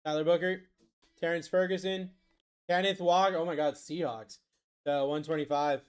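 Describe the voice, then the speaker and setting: A man's voice: fairly high pitch, steady tone, normal speed, smooth. Chatty man ripping card packs on stream. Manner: rattles off player names, reads chat aloud. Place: live stream setup.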